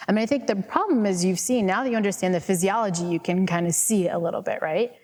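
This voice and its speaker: A woman professor answers an audience question over a microphone in a live, reverberant hall, chatty and self-deprecating, with many "right?" and "like" fillers. She talks fast in a mid-range, slightly mellow voice.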